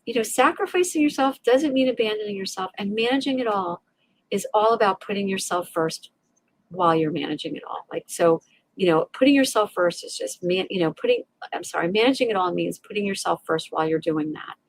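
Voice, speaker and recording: A podcast guest, this middle-aged resilience coach relates a heartfelt story from her life in an animated way, giving voice to her inner dialogue amid frequent restarts. She speaks briskly in a mid-range voice, and there's no room sound.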